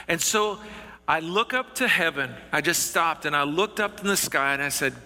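A middle-aged male pastor delivers a storytelling sermon in a slightly raised, very bright voice that's on the high side and expressive, at a normal speed. His manner is folksy and earnest, with frequent stumbles and restarts. The long reverb of a large hall carries his words.

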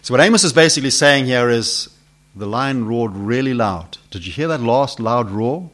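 Man preaching with dramatic loud-soft swings. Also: medium pitch, expressive, normal speed. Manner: asks the congregation questions. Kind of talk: sermon.

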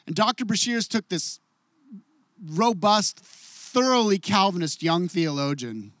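Male pastor, middle-aged, fairly high voice, dry close recording; expressive sermon delivery that swings from hushed to emphatic. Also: unhurried, no room sound.

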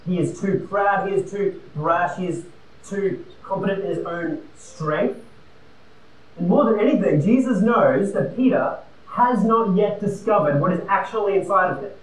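A man preaching a sermon, emphatic and conversational, swinging between loud and quiet. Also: sits high, moderate pace. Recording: roomy and distant with faint ambience.

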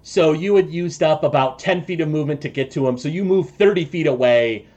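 A man's voice: a little high, a little mellow, dull audio. A man running a tabletop game as game master, narrating the action with frequent fillers and restarts. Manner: halting, many fillers and restarts.

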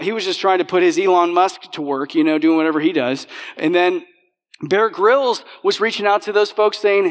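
A man's voice: sits high, moderate pace. A pastor preaching a sermon in a conversational way, often checking in with his audience. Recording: long hall reverb.

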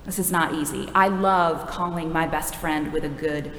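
A woman with a deep, steady voice preaches at a normal pace, her sermon conversational, wry and self-deprecating. The recording picks her up from a distance in an echoey hall, with slight background noise.

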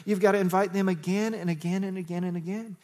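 A man preaching as the pastor of his church, telling stories with lively, animated delivery. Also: fast. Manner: animated storytelling, jumps to high excited quotes. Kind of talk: sermon.

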